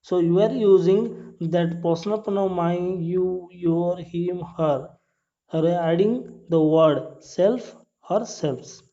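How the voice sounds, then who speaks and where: A man walks through English grammar rules, repeating each point and asking his listeners whether it is clear. His English is non-native, with small grammar slips. His voice sits a little high and mellow, on a dull lo-fi recording. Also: slow. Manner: explains step by step, repeats points, asks "clear?". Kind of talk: classroom grammar lesson.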